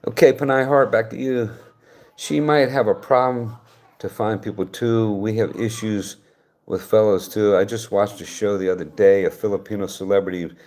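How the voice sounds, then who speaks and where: A man's voice: on the low side, steady tone, normal speed, a little mellow. An older man from West Virginia, hosting a casual livestream chat and answering viewer comments in a rambling, conversational way. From West Virginia, United States. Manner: rambling, conversational, frequent restarts. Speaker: channel host reading viewer comments.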